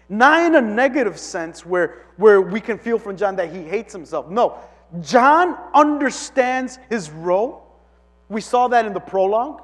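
A man with a notably high-pitched voice preaches a relaxed teaching sermon, chatty and loose, full of "like" and restarts. His voice rings with a long reverb from a big hall. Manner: conversational, many "like" fillers and restarts.

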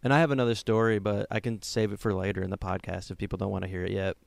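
A man's voice: fairly low pitch, flat delivery, racing, creaky, no room sound. A man co-hosting a casual comedy podcast, telling self-mocking stories in a joking way. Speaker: podcast co-host.

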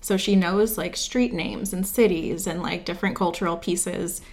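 A woman's voice: on the low side, fairly even intonation, normal speed, a little mellow. Chatty young woman telling stories. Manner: chatty storyteller, acts out quoted dialogue. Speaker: podcast host. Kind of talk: casual chat.

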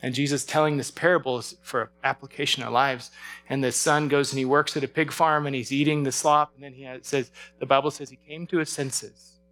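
A man's voice: medium pitch, little pitch movement, fairly quick, a bit bright, faint music behind. A man preaching a sermon in a conversational way, often asking his listeners questions. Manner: conversational, asks the audience questions.

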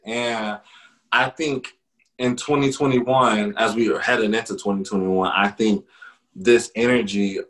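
A man's voice: fairly low pitch, fairly even intonation, a little slow, a bit bright, rough recording. A young man co-hosting a podcast, speaking in an earnest, upbeat, motivational way. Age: young adult. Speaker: podcast co-host. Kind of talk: casual motivational podcast chat.

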